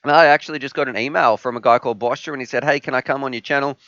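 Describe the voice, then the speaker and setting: A man's voice: mid-range voice, fairly even intonation, very fast, fairly bright tone, dry recording, lo-fi sound. A man hosting a live stream, chatting casually and joking while reading viewer comments. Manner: chatty, joking, rambling with fillers.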